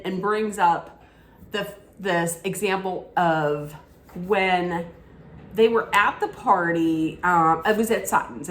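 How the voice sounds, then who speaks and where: A woman's voice: lowish voice, fairly bright tone, reverberant, a little hiss or hum. A woman giving an opinionated, casual recap rant about a reality show, often restarting her sentences. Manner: opinionated, frequent restarts and asides.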